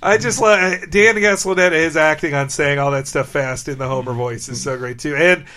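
A man co-hosting a podcast in casual chat, laughing often and retelling scenes in an animated way. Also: on the high side, normal speed. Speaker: podcast co-host.

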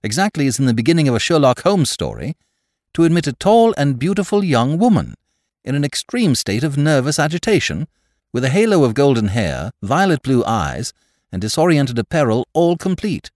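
A man narrating a classic novel as an audiobook, telling the story with expressive rises and falls. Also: mid-range voice, moderate pace, no room sound, clean studio sound. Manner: expressive storytelling, rising with excitement.

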